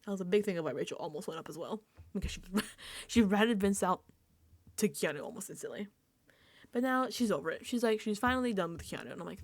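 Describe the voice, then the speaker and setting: A woman's voice: medium pitch, lively intonation, quick pace, dry recording. A woman giving casual, rambling recap commentary on a reality show, exasperated and swearing freely.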